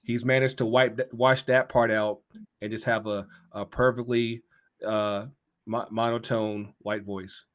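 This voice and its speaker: A man's voice: lowish voice, level tone, measured pace. A man hosting a podcast in casual chat, often repeating words and laughing. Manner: laughing, stammering, riffing. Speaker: podcast host.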